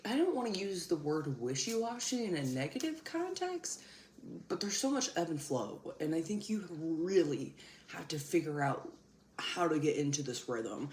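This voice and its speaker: A young woman hosting a casual tarot reading, chatty and laughing often, with casual swearing. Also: deep voice. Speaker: tarot reader and channel host. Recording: echoey room with loud background noise.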